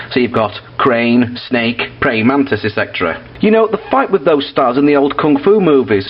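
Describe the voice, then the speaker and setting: Man, husky voice, blunt casual film reviewer, swears freely, lots of fillers. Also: medium pitch, lo-fi sound. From United Kingdom.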